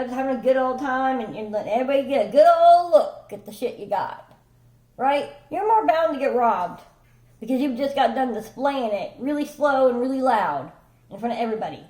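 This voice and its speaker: A woman's voice: high voice, moderate pace, dark tone. Rambling woman reading tarot, echoey room. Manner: rambling, conversational, swears casually, checks in with "okay?" and "right?". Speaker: tarot reader. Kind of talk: casual tarot reading monologue.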